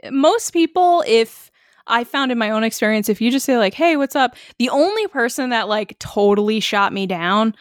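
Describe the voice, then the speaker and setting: A woman in her twenties from Connecticut chats casually on a podcast. She tells anecdotes with lively, acted-out quotes. The sound is close and dry, with no room echo. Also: a little high, normal speed. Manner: animated storyteller, acts out quotes. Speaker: podcast co-host. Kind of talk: casual chat.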